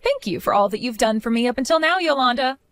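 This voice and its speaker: Woman doing a mocking cartoon daughter-in-law, sarcastic, defiant, fairly high, dry recording. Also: expressive, fast, no room sound. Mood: cold. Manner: sarcastic, mocking, laughs often. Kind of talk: animated storytime voice acting.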